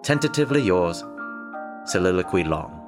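A man's voice: deep voice, sing-song, normal speed, music in the background. A man doing a genteel stranger with a fake English accent. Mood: polite. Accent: put-on English. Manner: courteous, genteel. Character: polite, mysterious male stranger. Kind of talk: audio drama acting.

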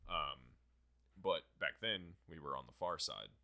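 A young man hosting a podcast, telling a story in a casual, profane, animated way. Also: very deep voice, measured pace, gravelly. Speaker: podcast host.

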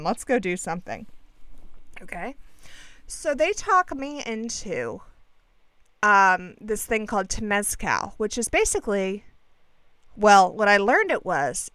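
A woman's voice: a little high, a bit bright, clear, resonant tone, no echo, clean studio sound. A woman in her thirties casually telling a travel story, sarcastic and self-deprecating, acting out the voices of friends.

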